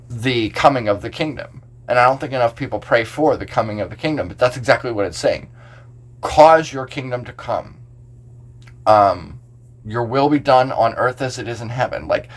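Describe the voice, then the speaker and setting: Pastor guy chatting on a podcast, easygoing, lots of "like", middle pitch. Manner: relaxed, explains scripture verse by verse with filler "like". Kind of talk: casual podcast discussion.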